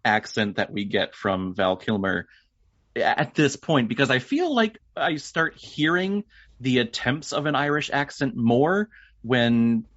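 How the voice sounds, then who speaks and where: A man's voice: medium pitch, a little slow, no room sound, highs cut off. A man co-hosting a podcast, chatting casually about a film and laughing often. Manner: lively, laughs a lot. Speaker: podcast co-host.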